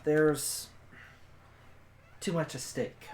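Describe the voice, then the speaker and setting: A man voicing a stern female soldier who speaks low, quiet and grave. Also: fairly even intonation, drawn-out words, reverberant, a little hiss or hum.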